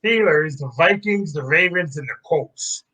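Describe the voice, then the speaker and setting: A sports podcast co-host with a bright, forceful, slightly high voice goes through trades and the schedule one item at a time. He speaks at normal speed in a steady, matter-of-fact way, and the recording is rough.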